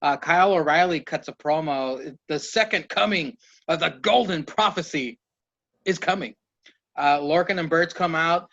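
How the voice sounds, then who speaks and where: A man's voice: a little high, moderate pace, a bit bright, lo-fi sound. A man co-hosting a wrestling podcast, recapping a match in an easygoing, casual way. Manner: easygoing, tries and drops accents. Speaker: podcast co-host.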